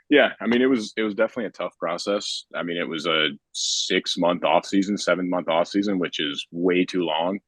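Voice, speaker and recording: A young man with a very low, deep voice talks about pitching in a loose, rambling podcast chat. He keeps sliding in filler words. The sound is dry and close, with no room echo. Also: fairly bright tone. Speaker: professional baseball pitcher.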